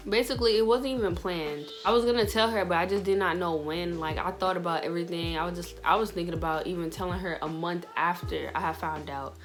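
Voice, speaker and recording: A woman's voice: fairly low pitch, steady tone, fast talker, few pauses, faint music behind. A young woman vlogger telling a personal story in a casual, slangy way, full of fillers. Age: young adult. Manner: chatty, slangy, many fillers.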